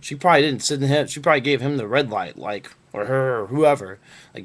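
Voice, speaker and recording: A man's voice: mid-range voice, fairly quick. A young man from Northern Kentucky telling a story to his webcam in a rambling, laid-back way, full of fillers. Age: young adult. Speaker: vlogger. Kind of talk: casual storytelling.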